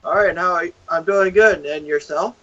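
A man's voice: high-pitched, moderate pace, fairly bright tone, dull audio. A man co-hosting a podcast in an upbeat, joking way. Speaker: podcast co-host. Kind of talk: casual podcast chat.

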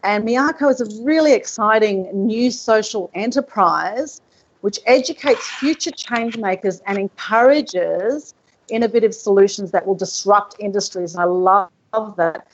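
A woman's voice: mid-range voice, measured pace, muffled recording. A woman with an Australian accent hosting a podcast in a casual, effusive, chatty way. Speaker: podcast host. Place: holiday resort, remote call.

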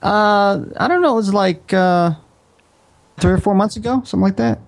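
A man calling into a podcast as a fellow show host, talking in a relaxed, casual way. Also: sits high, moderate pace, creaky. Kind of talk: casual chat.

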